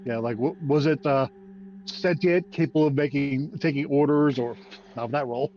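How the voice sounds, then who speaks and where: A man's voice: mid-range voice, moderate pace, dark tone, highs cut off, slight background noise. A man playing in a tabletop game who keeps asking questions about what he finds. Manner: inquisitive, asks rules questions. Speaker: player. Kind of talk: casual tabletop play.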